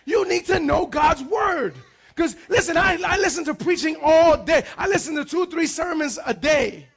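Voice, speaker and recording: High-pitched, gravelly pastor preaching loudly. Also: male voice, normal speed. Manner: energetic preaching with frequent shouts and repeated words. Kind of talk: sermon.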